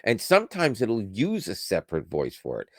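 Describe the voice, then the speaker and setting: A man's voice: lowish voice, wildly swooping pitch, normal speed, no room sound, clean studio sound. A man co-hosting a podcast, chatting casually about tech, rambling and correcting himself as he goes and laughing often. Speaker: podcast co-host.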